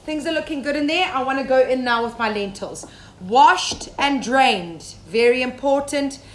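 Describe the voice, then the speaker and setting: A woman's voice: high voice, moderate pace. A young woman from Zimbabwe, a safari cook, chatting casually while giving a live cooking demonstration and greeting viewers by name. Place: home kitchen. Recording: echoey kitchen with faint ambient noise.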